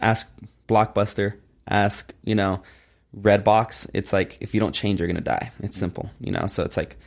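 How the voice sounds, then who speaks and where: A man's voice: on the low side, steady tone, moderate pace, creaky. A man in his twenties, a guest entrepreneur in a casual podcast interview, talking emphatically and bluntly with plenty of swearing. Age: 20s.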